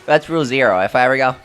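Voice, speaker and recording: This live game streamer is a man whose medium-pitched voice sounds a bit bright. Hiccuping throughout, he chats casually and pokes fun at himself while responding to questions from his viewers.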